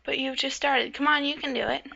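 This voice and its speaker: A woman's voice: high-pitched, fairly even intonation, fairly quick, vocal fry, bright, forceful tone, a little hiss or hum, voice pushed up, full character voice. A woman voicing a relentlessly cheerful young girl who talks eagerly and refers to herself in the third person. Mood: encouraging. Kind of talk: amateur visual novel voice reading. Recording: dull lo-fi recording.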